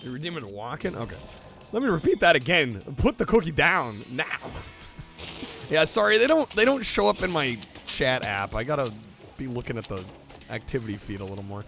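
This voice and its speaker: A man's voice: medium pitch, big pitch swings, a little fast, vocal fry, fairly bright tone. A man hosting a casual livestream, chatting in a laid-back way and thanking viewers. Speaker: streamer host. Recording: music playing under voice. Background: background music.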